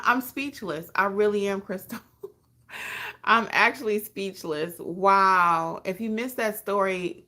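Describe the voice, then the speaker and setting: A woman hosting a casual live stream as a notary trainer, reading viewer comments aloud in an animated, encouraging way. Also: on the low side, creaky. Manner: animated, emotional, encouraging, calls viewers honey.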